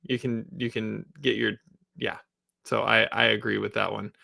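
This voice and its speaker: A man's voice: lowish voice, little pitch movement, moderate pace, creaky, bright, forceful tone. A man co-hosting a casual TV review podcast, a teacher who rambles and laughs a lot. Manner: rambling, chatty, laughs often.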